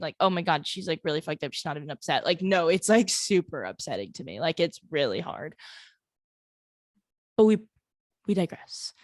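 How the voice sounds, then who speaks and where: A woman's voice: fairly low pitch, no echo, clean studio sound. A woman in her twenties hosting a solo podcast from her family home, telling a personal story in a candid, rambling way, with lots of "like" and free swearing. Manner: candid and rambling, heavy use of "like", swears freely. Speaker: podcast host.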